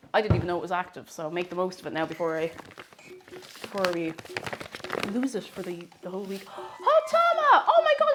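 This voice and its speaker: A woman's voice: medium pitch, slight background noise. A woman streaming herself baking, chatting casually and greeting viewers by name. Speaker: baking livestreamer. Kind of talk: casual chat while baking.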